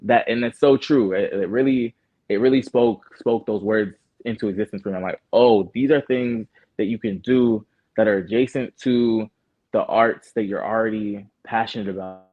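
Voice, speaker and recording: A man's voice: on the low side, fairly even intonation, normal speed, dry recording. A young Canadian man, a guest artist, chatting in a laid-back way with lots of fillers and restarts. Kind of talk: casual interview chat. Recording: muffled phone-like sound.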